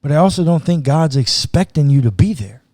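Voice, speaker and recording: A pastor's expressive, somewhat high voice runs a little fast with a darkish tone as he discusses scripture on a podcast. Casual and earnest, he now and then acts out what God might say. No room sound is audible.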